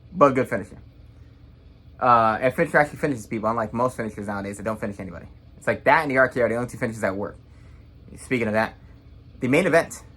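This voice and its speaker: A young man talks through his reactions in a casual, rambling way, blunt and quick to judge. His voice is bright and forceful. He keeps a loose, opinionated vlogger delivery. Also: mid-range voice.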